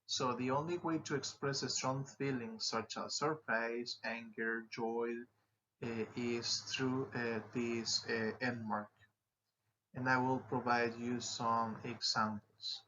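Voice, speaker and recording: A man narrates a grammar lesson at an unhurried pace, his voice bright and forward as he explains each point step by step. The recording is slightly muffled, with a faint noise underneath. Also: mid-range voice. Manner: explanatory, steady teaching delivery. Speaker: English teacher.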